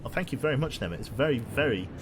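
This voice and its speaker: A man's voice: mid-range voice, expressive, rapid-fire, background noise. A man chatting casually while streaming a game, rambling with lots of fillers and restarts. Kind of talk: casual gaming livestream commentary.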